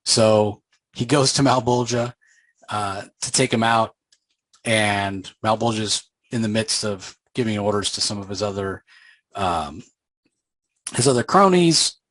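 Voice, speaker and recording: Guy with a lowish raspy voice chatting through a comic recap, dry close sound. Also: measured pace, a bit bright, no echo, rough recording. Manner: loose, conversational retelling with frequent fillers. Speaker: comic book reviewer.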